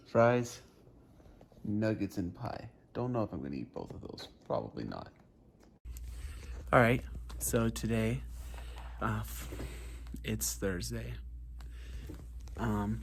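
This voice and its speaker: A man chats casually to his vlog camera, rambling with lots of ums and uhs and sometimes talking with his mouth full as he eats. His voice is lowish, and a little hiss or hum sits under the recording.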